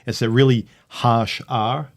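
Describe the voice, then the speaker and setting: A man's voice: fairly low pitch, fairly even intonation, moderate pace. A man hosting a casual livestream chat, reading viewer comments aloud and reacting to them. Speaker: livestream host.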